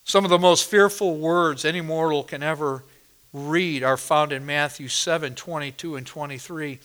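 A man's voice: fairly high pitch, moderate pace, a bit bright. A male pastor preaching a sermon at a church service, emphatic and driving home points by repeating phrases.

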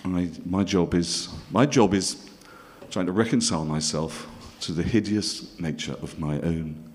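A man's voice: deep voice, unhurried, darkish tone, breathy edge. A middle-aged man from northern England telling a stand-up story with dry, self-mocking asides to the audience. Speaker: comedian.

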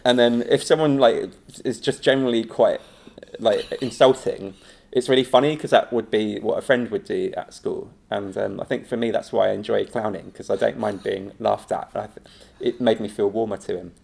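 Laughing improv teacher with gravelly voice. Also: male voice, on the low side, moderate pace. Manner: animated storytelling, laughing often, acting out quotes. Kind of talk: casual anecdotal chat.

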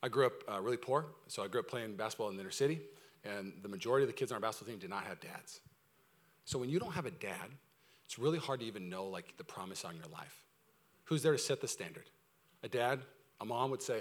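An energetic pastor preaches fast in a fairly low voice, swinging between loud, urgent proclamation and quiet, intimate asides.

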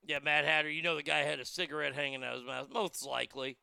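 Sarcastic guy dj ranting on air, high bright voice w gravel in it, swears a lot. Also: steady tone, fast, no echo, clean studio sound. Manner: sarcastic, crude, rambling rants. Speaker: radio DJ. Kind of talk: profane talk radio commentary.

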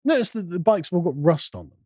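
A man's voice: high voice, sing-song, fast, mellow, dry recording, clean studio sound. A man co-hosting a political podcast, throwing in mocking interjections and rhetorical questions. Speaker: podcast co-host. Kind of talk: casual political podcast chat.

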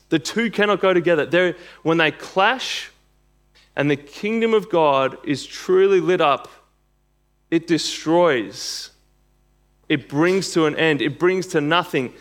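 Emphatic, earnest male preacher. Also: fairly high pitch. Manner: earnest, emphatic, builds to bursts of intensity. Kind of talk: sermon with scripture reading.

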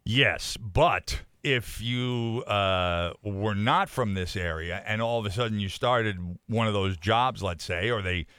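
Low-voiced New man. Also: takes it slowly, few pauses, bright, forceful tone, clean tone, no room sound, studio quality. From Massachusetts. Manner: explains with hesitant fillers. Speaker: co-host. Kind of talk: casual chat.

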